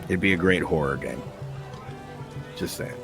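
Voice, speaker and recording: A man hosting a casual podcast chat about a cartoon, rambling and excitable, swearing casually. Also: low-pitched, a little slow, gravelly, music in the background. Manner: rambling, excitable, swears casually, quotes scenes in put-on voices. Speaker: podcast host.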